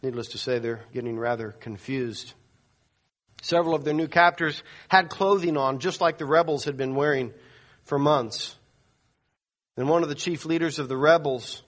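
A male pastor preaching a sermon, telling a dramatic story and acting out the quoted people. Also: fairly bright tone. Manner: storytelling, voices quoted people with rising pitch.

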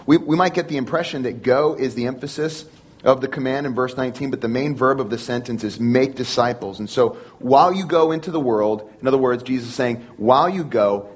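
A man's voice: mid-range voice, moderate pace, breathy edge, lo-fi sound. A man preaching a sermon in an earnest manner, repeating phrases and restarting often. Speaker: pastor.

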